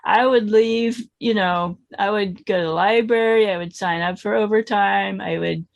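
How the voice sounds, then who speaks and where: A woman's voice: medium pitch, steady tone, normal speed, vocal fry, highs cut off. A woman hosting an interview, responding supportively and sharing her own experience. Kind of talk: interview conversation.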